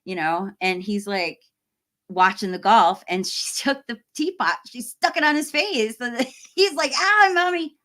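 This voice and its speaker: A woman's voice: mid-range voice, a little slow, fairly bright tone. A middle-aged woman chatting casually on a live stream, reading viewer comments, laughing often and trailing off mid-sentence. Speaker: horror YouTuber hosting a live stream.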